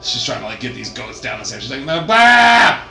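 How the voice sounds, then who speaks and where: A man's voice: lowish voice, steady tone, fast talker, vocal fry, pushed and bright. A man narrating as game master in a casual, rambling way with many fillers. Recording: echoey room with music behind.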